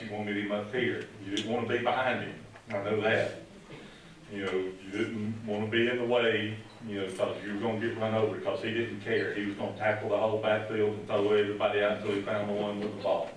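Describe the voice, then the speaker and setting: A man's voice: lowish voice, a little hiss or hum. A middle-aged man, telling a rambling, folksy story as a speech at a retirement ceremony. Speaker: retired police officer giving a retirement tribute. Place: large room at a ceremony. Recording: echoey room, speaker far from mic.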